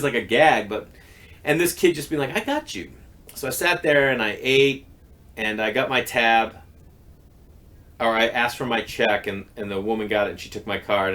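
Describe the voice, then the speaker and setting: Rambling chatty man telling a story. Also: mid-range voice. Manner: rambling, animated, with quick asides and self-interruptions. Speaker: podcast host. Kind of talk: casual monologue storytelling.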